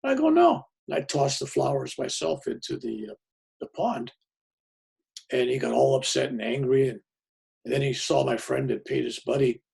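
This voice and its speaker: A man tells a personal story in a plain, folksy way. His voice is heavily gravelly and rough, and the tone stays raspy throughout. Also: mid-range voice, fairly even intonation, normal speed, darkish tone. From United States. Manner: plainspoken and folksy, with many fillers and restarts. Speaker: pastor.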